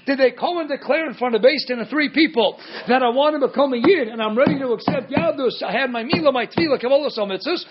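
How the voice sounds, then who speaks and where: A man with a very high voice delivers a Talmud lecture on a dull, lo-fi recording. He keeps posing rhetorical questions and answering them himself, dropping Hebrew and Aramaic terms into his English. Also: fast talker, few pauses, breathy edge. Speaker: Torah teacher.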